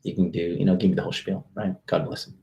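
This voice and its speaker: Brash, swearing man with a low voice. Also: flat delivery, fast, gravelly, mellow, highs cut off. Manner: brash, profane, swaggering slang. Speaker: dating coach hosting a livestream. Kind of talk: casual livestream storytelling.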